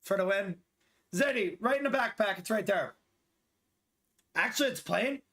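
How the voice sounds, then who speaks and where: Man, 20s, gaming streamer; high, animated voice, loose profane banter. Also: normal speed, long pauses. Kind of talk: casual live-stream chat during gameplay.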